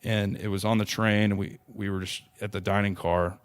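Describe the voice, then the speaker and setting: Low, flat-voiced young man telling a heartfelt story. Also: moderate pace, smooth. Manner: earnest, heartfelt, rambling with many restarts. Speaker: podcast guest. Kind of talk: personal storytelling in conversation.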